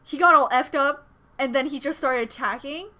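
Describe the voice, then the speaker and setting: A young woman with a high-sitting voice hosts a reaction video at normal speed. She chats and gasps with excitement while commenting on what she's watching.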